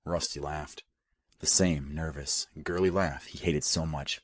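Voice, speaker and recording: A man narrating an audiobook in a steady, even storytelling manner. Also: a bass voice, normal speed, breathy edge, no room sound. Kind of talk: scripted narration.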